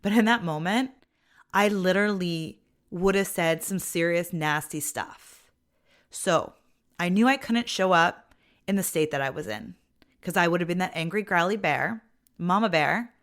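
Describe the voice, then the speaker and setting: A middle-aged woman talks through her own podcast episode in a loose, chatty way, leaning on "like" as she goes. Her voice sits a little low for a woman, and she sounds expressive and personal, as if telling a friend about her week. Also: a little slow. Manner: chatty and expressive, with frequent "like" and an occasional laugh. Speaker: podcast host and mother. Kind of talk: casual personal monologue.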